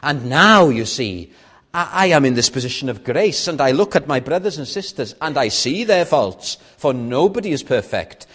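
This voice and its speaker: A man preaching a sermon in an earnest, personal way, sometimes dropping soft and sometimes lifting his stress. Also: on the high side, slightly rough.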